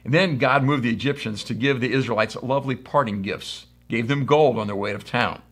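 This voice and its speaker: A man's voice: mid-range voice, brisk, a bit bright, breathy edge. Man preaching a conversational sermon. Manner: conversational storytelling with acted quotes. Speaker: pastor.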